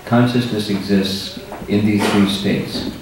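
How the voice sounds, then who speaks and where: A man's voice: lowish voice, fairly even intonation, slow pace. An older man, a spiritual teacher, explaining ideas in a thoughtful, patient way during a lecture with audience questions. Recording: roomy hall, distant mic, faint noise.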